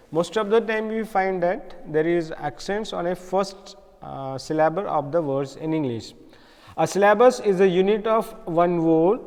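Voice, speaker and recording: A man with an Indian accent gives a classroom lecture in a fairly high voice. He explains patiently, repeating key words and pausing often with fillers. His voice carries a long reverb. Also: a little mellow. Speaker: English teacher.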